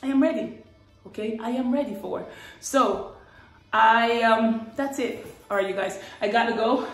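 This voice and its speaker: A woman talking casually to camera, playful and animated. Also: a little slow, reverberant, far from the mic. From Africa. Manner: playful and animated, with laughs and sudden high exclamations. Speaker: vlogger.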